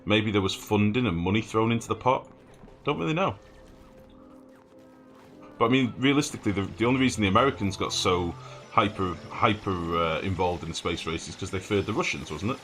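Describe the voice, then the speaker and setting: A man's voice: fairly low pitch, brisk, a bit bright, soft background music. A man chatting casually and swearing freely while he streams a game and answers chat. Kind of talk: casual gameplay commentary.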